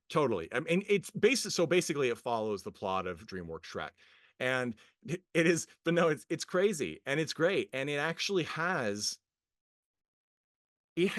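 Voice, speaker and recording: A man's voice: medium pitch, fairly bright tone, no echo, studio quality. A man co-hosting a podcast, reviewing a film in casual chat, rambling with many fillers and restarts, amused and often laughing. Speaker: podcast co-host.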